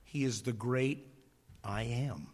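A man preaching a sermon, slow and dramatic, dropping to a near whisper on key phrases and acting out voices in his stories. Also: mid-range voice, darkish tone. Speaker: pastor.

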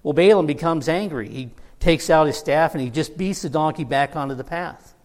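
Pastor preaching in a reverberant hall. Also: male voice, fairly high pitch, normal speed. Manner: storytelling with humor, quoting characters in lively voices. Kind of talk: sermon.

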